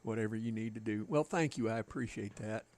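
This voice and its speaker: A man's voice: on the low side, brisk, a little mellow. A man with a Southern American accent, rambling folksily to his live chat while playing a game. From Southern United States. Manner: folksy, rambling, chatting with viewers. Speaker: game streamer.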